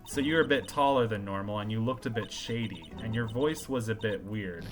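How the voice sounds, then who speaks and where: A man's voice: fairly low pitch, fairly quick, close to an everyday voice. A man doing a clumsy young policewoman, "sir"-heavy. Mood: determined. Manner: clumsy, says "sir" a lot. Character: earnest young female police officer, unlucky. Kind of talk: amateur game voice-over. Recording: game music behind.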